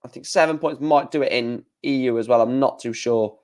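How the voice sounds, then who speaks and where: A man's voice: mid-range voice, a little fast, darkish tone. A man hosting a casual live stream, reading out darts results and answering chat while thinking aloud with plenty of fillers.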